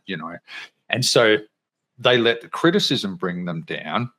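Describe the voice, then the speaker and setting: A man's voice: lowish voice, animated, moderate pace, sharp tone. A man hosting a podcast in a casual, conversational way, swearing now and then and mimicking the people he quotes. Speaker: podcast host.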